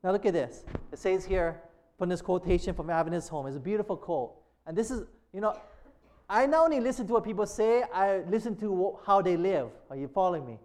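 High-voiced man preaching with "amen?" checks. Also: animated, darkish tone. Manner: call-and-response preaching, frequent "amen?" checks; slows and lifts voice reading quotations aloud. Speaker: pastor. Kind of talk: sermon.

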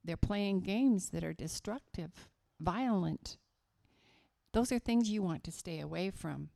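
A woman from West Virginia giving a children's sermon at church, telling a story slowly and emphatically to the kids. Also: fairly low pitch, animated, gravelly, warm tone.

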